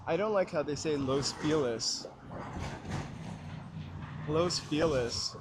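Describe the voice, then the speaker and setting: A man with a fairly high voice rambles and jokes as he walks a city street, hosting a livestream. He talks into a small mic clipped to his hat brim. Faint street ambience runs behind him. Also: animated, normal speed, background noise. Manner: rambling, chatty and joking. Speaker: walking livestream host. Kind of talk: casual chat while walking.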